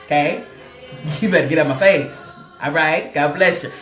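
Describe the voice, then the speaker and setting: A woman's voice: low-pitched, normal speed, roomy sound, soft background music, lightly acted. A woman playing her old grandmother as a blunt, no-nonsense business owner shooing customers along. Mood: brusque.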